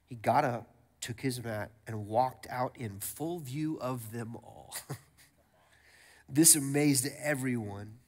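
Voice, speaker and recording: A man preaching a sermon as pastor, energetic, repeating words and calling out to the congregation. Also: medium pitch, takes it slowly. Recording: long church hall reverb.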